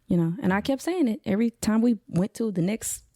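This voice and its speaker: A woman chatting casually on a podcast, an animated storyteller who acts out her son's lines in a high voice. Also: brisk, dry recording, clean studio sound. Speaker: guest.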